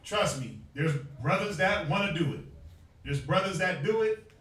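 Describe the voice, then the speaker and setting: A man's voice: high voice, animated, normal speed, a bit bright. A man preaching to a crowd, firing questions at them in a call-and-response Bible teaching. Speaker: street preacher. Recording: echoey space, far from the mic.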